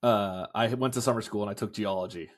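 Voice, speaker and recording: A man's voice: on the low side, quick pace. A young man co-hosting a casual sports podcast, swearing freely and telling stories with put-on voices. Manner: animated storyteller, swears often, puts on voices in anecdotes. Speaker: podcast co-host. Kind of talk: casual chat.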